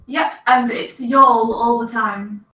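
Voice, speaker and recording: A woman's voice: fairly high pitch, steady tone, slow pace, pushed and bright. A woman chatting casually on a live stream with brief, amused reactions. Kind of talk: casual chat. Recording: distant echoey mic with faint noise.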